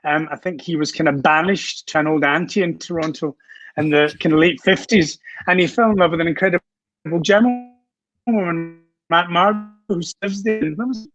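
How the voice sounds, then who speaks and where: A man's voice: on the high side, a little fast, fairly bright tone, no room sound, muffled recording, soft background music. A Scottish man on a video call, chatting as a guest and telling long stories with lots of fillers and restarts. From Scotland. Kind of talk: casual chat.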